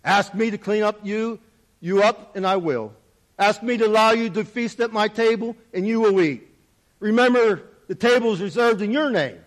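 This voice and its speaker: Picture a gentle, loving Jesus figure in a spoken storybook tale, as a man puts him on. He speaks softly and tenderly, dropping lower than the narrator's own fairly high voice. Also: normal speed, lightly acted. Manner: soft, low and tender.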